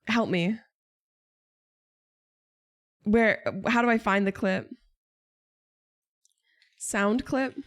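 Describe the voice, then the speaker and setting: A woman's voice: medium pitch, extremely slow, pauses often. A young woman streamer chatting casually and jokingly, answering her chat.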